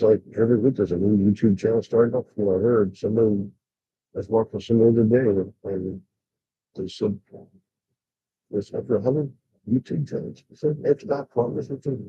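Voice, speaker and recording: An older man rambles casually on a livestream as a vlogger, bluntly complaining and using many fillers and restarts. His voice is lowish and husky, and the recording sounds dull and lo-fi.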